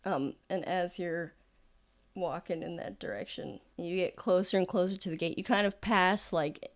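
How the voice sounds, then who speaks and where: A woman's voice: on the low side, steady tone, moderate pace. A woman narrating a tabletop game as game master, in a rambling, filler-heavy way.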